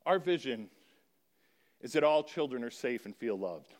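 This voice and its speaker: A man speaking to a church congregation about a children's charity, explaining and slowly reading scripture aloud in an earnest manner. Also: mid-range voice, animated.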